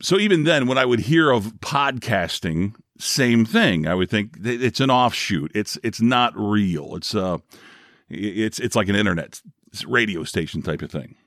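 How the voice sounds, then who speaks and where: A man's voice: lowish voice, lively intonation, a little slow, a bit bright, dry recording, clean studio sound. A middle-aged man from Northeast Ohio, a former radio DJ, hosting his own podcast in a chatty, self-deprecating way. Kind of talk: casual solo podcast monologue.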